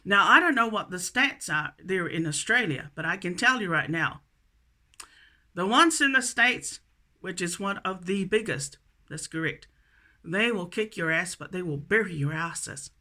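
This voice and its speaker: A woman delivering a profane, angry rant, repeating a refrain and swinging from low muttering to shouting. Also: animated, measured pace. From New Zealand.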